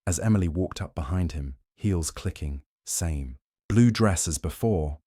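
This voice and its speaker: A man telling a dramatic story in first person, calm and terse. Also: sits low, measured pace, slightly rough, no echo, studio quality. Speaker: narrator.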